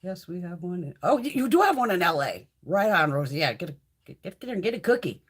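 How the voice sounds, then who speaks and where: This beauty livestream host, a middle-aged woman, has a fairly low, sing-song voice with a breathy edge and a quick delivery. She curses freely, chats with viewers, and reads their comments out loud.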